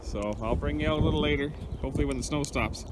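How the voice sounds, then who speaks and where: A man's voice: fairly high pitch, fast. A man, a rancher chatting casually while doing chores, a little out of breath. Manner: chatty, rambling, talks to his dog. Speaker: cattle rancher. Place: outdoors on a snowy ranch. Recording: outdoor noise with animals. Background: cattle, birds and outdoor noise.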